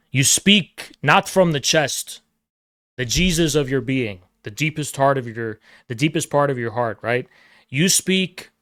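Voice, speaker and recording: A man hosting a live call-in stream, lecturing and mocking his callers, at times booming like a preacher. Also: a bit bright, dry recording, clean studio sound. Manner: lecturing, mocking, swings to booming theatrical declaiming. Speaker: livestream host taking callers. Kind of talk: combative call-in debate.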